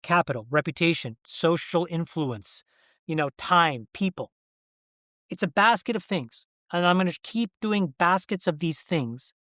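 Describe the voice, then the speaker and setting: A middle-aged man as an interview guest, talking candidly and emphatically, pressing his point with rhetorical questions and halting when he gets emotional. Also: on the high side, expressive, fairly bright tone, dry recording, clean studio sound.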